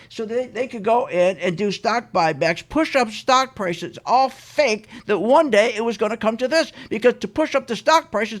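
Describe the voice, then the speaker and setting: A man hosting a live radio show about investing, ranting with emphatic repetition and a sarcastic, mocking edge. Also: very high-pitched.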